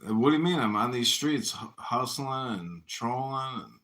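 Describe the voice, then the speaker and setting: A man in casual trash-talk banter, needling and teasing. His voice is bright, and his pitch jumps widely from line to line. He mixes loud jabs with fast, low asides. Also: lively intonation. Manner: mocking, needling, swings from loud jabs to quick mutters.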